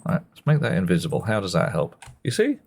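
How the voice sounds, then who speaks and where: A man's voice: sits low, sing-song, quick pace, a little mellow. A man giving chatty, self-mocking commentary while playing a game on a live stream, muttering asides to himself.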